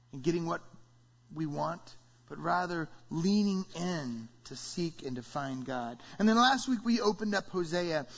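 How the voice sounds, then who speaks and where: A man preaching a sermon as pastor, energetic and playful, drawing responses from his congregation. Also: high-pitched. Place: church sanctuary. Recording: dull sound, long hall reverb.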